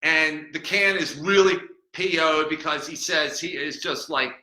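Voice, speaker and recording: A cranky, boastful talking bottle, as a man hosting a comedy podcast puts it on rambles and mocks, tripping over his words. The voice is sharp and strained, sitting a little high. It rings in an echoey room. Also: fairly even intonation, measured pace. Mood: mocking. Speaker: podcast host.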